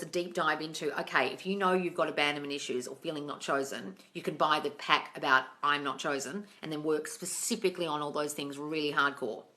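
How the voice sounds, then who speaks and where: Low-pitched, bright and forceful, this woman's voice leads a relaxed livestream Q&A on manifesting. She's young, reads out viewers' comments, and responds bluntly with some swearing, addressing everyone as darling.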